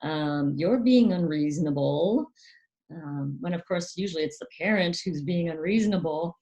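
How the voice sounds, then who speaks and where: A woman hosting a casual educational talk, speaking softly with many ums and acting out quoted parents in a higher voice. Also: steady tone, normal speed, muffled recording. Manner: soft-spoken, frequent ums, quotes parents in a higher, sharper voice. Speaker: channel host.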